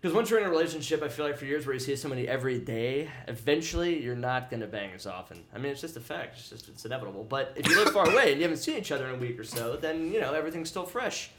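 Blunt, fast-talking male podcast host; crude jokes; echoey room. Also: mid-range voice, animated, fairly bright tone, slight background noise. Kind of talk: crude casual chat.

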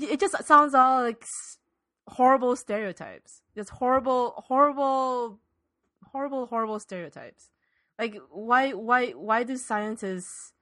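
A woman's voice: on the high side, sharp tone. Emphatic, sarcastic woman podcast co-host. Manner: emphatic, repeats herself, sarcastic. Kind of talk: comedic podcast chat.

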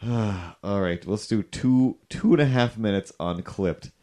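A male podcast host chatting casually in a fairly low voice. He rambles and jokes, often putting himself down as he goes. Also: slow, a little mellow. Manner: rambling, jokey, self-deprecating. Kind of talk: casual chat.

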